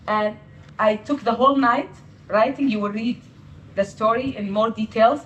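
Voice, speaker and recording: Animated woman telling her life story. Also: a little high, moderate pace, a little hiss or hum, rough recording. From Palestinian Bedouin, Negev region. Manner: animated, acts out quoted family voices. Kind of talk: storytelling talk to an audience.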